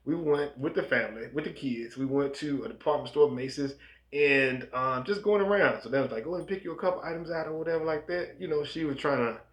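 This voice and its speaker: A man in his thirties co-hosting a married couple's podcast, talking casually in a soft, low-key voice that sounds close to a whisper, and acting out quoted voices as he tells stories. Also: brisk, reverberant. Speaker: podcast co-host. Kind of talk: casual chat.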